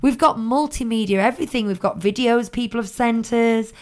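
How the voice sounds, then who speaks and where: A woman's voice: a little high, fairly quick. A woman co-hosting a fan podcast in casual, chatty talk, laughing and poking fun at herself. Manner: chatty, laughing, self-mocking. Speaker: podcast co-host. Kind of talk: casual chat.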